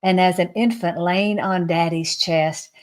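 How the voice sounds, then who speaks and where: A woman guest sharing a spiritual vision in an earnest storytelling way, often dropping to a soft, slow hush. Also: fairly low pitch, steady tone. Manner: soft, hushed and slowed when quoting; earnest, with fillers and restarts.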